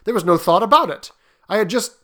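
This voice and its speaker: A man's voice: on the high side, sing-song, a little slow, a little mellow. Man voicing an insistent old father. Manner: emphatic, insistent.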